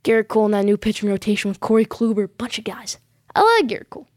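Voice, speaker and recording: A woman's voice: medium pitch, lively intonation, quick pace, a little mellow, dry recording, studio quality. A woman hosting a sports vlog, giving her predictions in an emphatic, insistent way and backing them up with short repeated affirmations.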